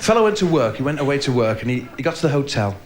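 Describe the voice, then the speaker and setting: A man's voice: medium pitch, very animated, very fast. A man from England doing live stand-up with a northern English accent, bantering cheekily with the audience and acting out the voices of his characters. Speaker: stand-up comedian. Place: comedy club before a live audience. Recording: live recording with crowd and room noise.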